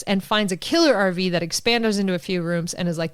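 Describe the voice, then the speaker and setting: A woman co-hosting a casual podcast, summarizing a book in a rapid, animated storytelling style with quick asides. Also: medium pitch, clean tone, no room sound, clean studio sound. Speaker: podcast co-host.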